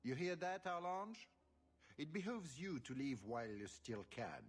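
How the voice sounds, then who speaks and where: A man's voice: on the high side, expressive, unhurried. An actor playing a sly, formal male aristocrat in a video game, speaking in a suave, mocking manner.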